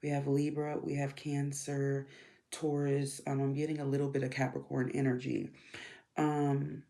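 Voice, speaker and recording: A woman's voice: very deep voice, monotone, moderate pace, mellow. A woman with a stuffy, congested voice giving a casual card reading, rambling with frequent ums while she shuffles cards. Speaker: tarot and astrology reader.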